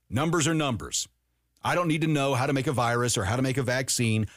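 A man's voice: medium pitch, fast talker, a bit bright, no room sound, clean studio sound. A man hosting an opinionated commentary show, emphatic and profane, repeating his key points.

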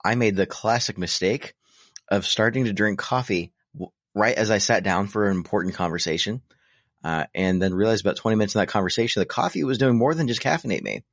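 A man's voice: on the low side, fairly quick, fairly bright tone, no echo, studio quality. A man co-hosting a podcast in casual chat, rambling and self-deprecating with sarcastic humor. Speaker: podcast co-host.

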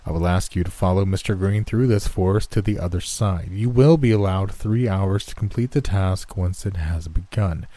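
A man voicing a bored, aloof wealthy company head in a spoken horror story, speaking in a flat monotone. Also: low-pitched, normal speed, few pauses, no room sound.

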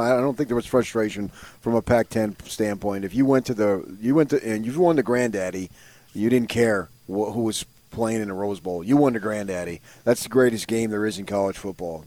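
A man's voice: lowish voice, darkish tone, no room sound. A man co-hosting a sports radio show, chatting casually and enthusiastically, rambling and repeating himself.

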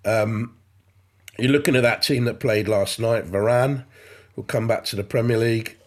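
A man's voice: medium pitch, moderate pace. A middle-aged man co-hosting a podcast, talking football in casual chat with many restarts and ums. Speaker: podcast co-host, football pundit.

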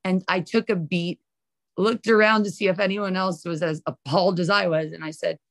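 A woman's voice: fairly low pitch, steady tone, moderate pace. A woman lawyer, a podcast guest, explaining a court case in a confident and slightly gloating way. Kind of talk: casual podcast interview.

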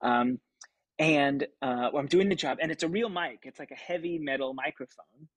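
Brief: man from Kansas, thirties, chatty interview guest, slightly high voice, dry close mic. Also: moderate pace, no room sound, rough recording. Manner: animated anecdote-telling, acts out quoted voices, many ums. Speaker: puppeteer and actor, guest. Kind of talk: casual interview storytelling.

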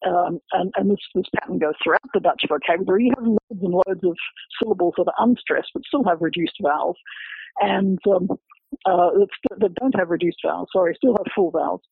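A man, a researcher, explaining his book's findings in an academic, halting way, full of repeated words and fillers. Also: high voice, gravelly, husky, no echo. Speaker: researcher discussing his book. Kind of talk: explanatory interview talk. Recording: dry, phone-like radio line.

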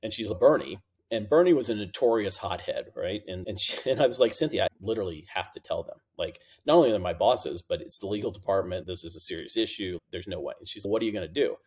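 A middle-aged man speaks in a somewhat low voice as a guest on an interview podcast. He tells his stories in a relaxed, conversational way and acts out the lines he quotes from others. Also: fast talker, few pauses, husky. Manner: lively anecdotes, acting out quoted dialogue. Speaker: podcast guest, compliance officer. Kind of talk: casual interview storytelling.

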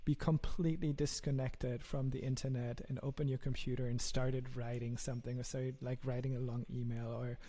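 A man's voice: mid-range voice, little pitch movement, a little fast, few pauses, dark tone. A man with a German accent, a startup founder talking earnestly as a guest in an interview, often repeating words as he starts a sentence. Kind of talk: casual interview talk.

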